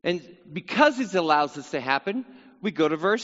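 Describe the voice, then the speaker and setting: A man's voice: sits high, very animated, normal speed, fairly bright tone, big-room sound, muffled recording. A man teaching through a psalm in sermon style, earnest, repeating phrases and voicing the psalmist's cry. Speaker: Bible teacher.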